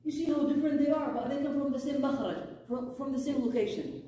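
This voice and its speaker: Woman teacher, higher voice, drills phrases aloud, checks on students, roomy echo, heard from a distance. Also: quick pace, warm tone. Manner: explains patiently, drills Arabic phrases aloud, asks "huh?" to check understanding. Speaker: Quran recitation teacher. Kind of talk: tajweed class explanation. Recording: very echoey room, voice picked up from afar.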